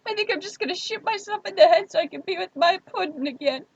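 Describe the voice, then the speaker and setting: A woman's voice: fast talker, dry recording. A woman putting on a wailing, grief-stricken young woman. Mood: distraught. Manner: wailing, pleading, high and strained. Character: distraught young woman, grieving and broke. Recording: dull lo-fi stream audio.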